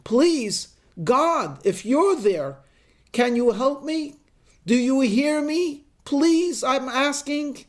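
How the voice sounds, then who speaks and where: A man voicing a desperate male hiker who shouts high, pleading calls for help. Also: normal speed, few pauses, natural voice.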